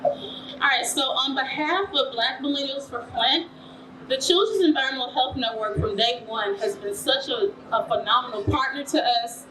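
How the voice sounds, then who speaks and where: A woman's voice: fairly high pitch, bright, forceful tone, a little hiss or hum. A woman presenting an award at a ceremony, speaking in a heartfelt way. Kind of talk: ceremony speech. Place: event hall. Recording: echoey hall from far off.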